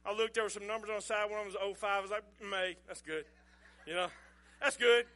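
A man's voice: high voice, steady tone, rapid-fire, pushed and bright. A middle-aged man, telling a folksy, chuckling story as a sermon illustration. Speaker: pastor.

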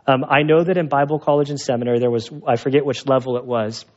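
A man preaching to his congregation, mixing scripture with stories in a relaxed, conversational way. His voice sits at a middle pitch. The recording sounds a little dull. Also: fast talker. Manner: conversational storytelling with animated asides. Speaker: pastor. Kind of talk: sermon.

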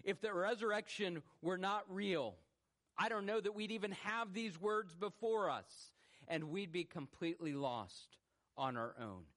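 Male pastor, fairly high voice, preaching in a church, lively swings between loud questions and quiet low stresses. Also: measured pace. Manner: animated, swings from loud rhetorical questions to hushed low emphasis. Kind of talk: sermon. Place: church sanctuary.

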